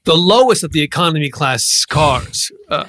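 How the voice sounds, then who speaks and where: A man's voice: on the high side, lively intonation, normal speed, pushed and bright. A man playing a brash, swearing crime henchman in an improv comedy scene. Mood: gruff. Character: petty male crime boss's henchman, touchy.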